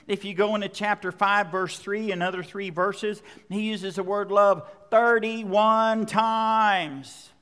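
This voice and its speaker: A man's voice: high-pitched, steady tone, slow pace, hardly any pauses, a bit bright, clean tone, long reverb tail. A man preaching a sermon, reading scripture aloud and then driving his points home with emphatic repetition. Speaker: pastor.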